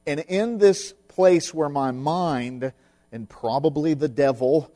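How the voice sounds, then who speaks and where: A man's voice: a little high, slow pace, warm tone. A middle-aged man preaching a sermon, telling a personal story in an earnest, emphatic way. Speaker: pastor.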